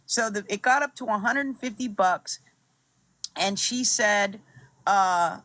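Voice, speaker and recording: A woman's voice: mid-range voice, a little slow, a bit bright, dry recording. A woman giving chatty, amused commentary on a video she is playing. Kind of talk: casual commentary.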